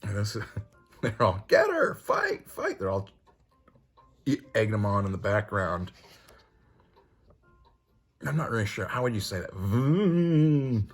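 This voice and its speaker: A man's voice: on the low side, a little slow, long pauses, fairly bright tone, breathy edge. A man casually reviewing a comic book, rambling with lots of fillers and frequent chuckles. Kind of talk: casual commentary.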